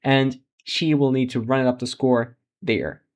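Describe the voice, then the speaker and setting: A man's voice: mid-range voice, steady tone, unhurried, a little mellow. A man hosting a live election results stream, thinking aloud as vote counts come in, often restarting sentences and laughing at surprises. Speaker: election livestream host.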